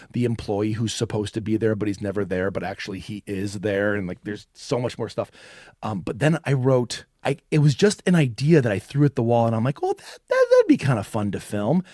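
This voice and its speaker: A man's voice: fairly low pitch, darkish tone, no echo, studio quality. A man co-hosting a podcast, rambling and swearing in casual chat, says like a lot. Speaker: podcast co-host.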